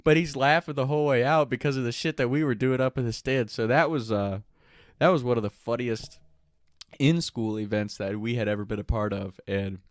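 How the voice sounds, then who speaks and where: Male host at a mid pitch, casual rambling storyteller, swears freely, dry close sound. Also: brisk, no echo. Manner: laid-back, profane, rambling with many fillers.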